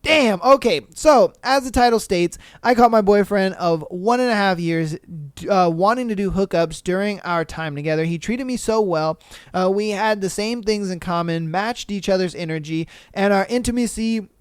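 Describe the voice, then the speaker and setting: Slangy, animated podcast host man. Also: high-pitched, normal speed, clean tone, no echo, clean studio sound. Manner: slangy, animated, swears a lot. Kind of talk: solo podcast commentary reading stories.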